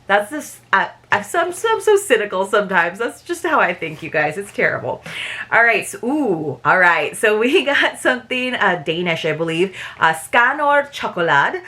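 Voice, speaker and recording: A woman's voice: medium pitch, big pitch swings, moderate pace, pushed and bright. A woman in her thirties chatting casually while unboxing a subscription box, rambling and self-deprecating.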